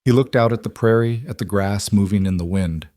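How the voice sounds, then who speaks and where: A man narrating a frontier story in an even, measured way. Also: on the low side, no room sound, studio quality.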